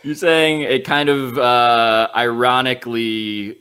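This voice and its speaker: A man's voice: mid-range voice, slow, smooth. A man hosting a sports podcast, wry and teasing in casual chat. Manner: wry, teasing, animated delivery. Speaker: podcast host.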